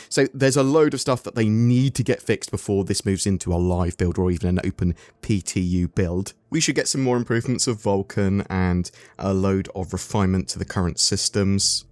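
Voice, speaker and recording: English male host, mid-pitched, dry close sound, brisk news rundown. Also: no room sound. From England. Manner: brisk rundown, asks viewers questions. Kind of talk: scripted news update.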